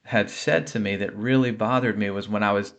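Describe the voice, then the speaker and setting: A man's voice: on the low side, steady tone, brisk. A man sharing a personal faith testimony of healing, speaking earnestly and conversationally with fillers and restarts.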